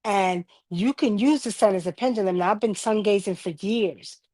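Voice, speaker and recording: A woman with a Southern US accent hosting a livestream, telling stories in an animated way. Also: medium pitch, normal speed, no room sound. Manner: animated storytelling, addresses the audience. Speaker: livestream host. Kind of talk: casual spiritual livestream chat.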